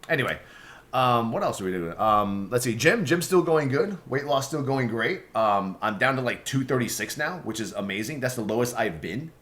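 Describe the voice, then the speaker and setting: A man's voice: mid-range voice, animated, normal speed, fairly bright tone. A young man hosting a casual vlog, rambling and swearing with lots of fillers and restarts. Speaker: streamer and vlog host.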